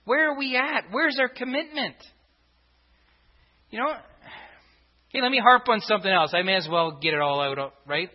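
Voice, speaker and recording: A man's voice: sits high, moderate pace, pauses often. A man preaching a sermon to his congregation, driving his points home with repeated rhetorical questions. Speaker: pastor. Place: church sanctuary. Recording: dull reverberant church recording.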